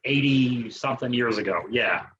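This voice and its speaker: Wry man with a bright voice and faint noise. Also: mid-range voice, moderate pace, muffled recording. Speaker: podcast co-host. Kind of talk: casual comedic chat.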